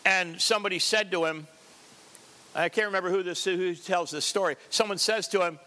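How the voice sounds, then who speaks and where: A man's voice: sits high, a little fast, pushed and bright. A man preaching a sermon as a pastor, emphatic and repetitive, with joking asides.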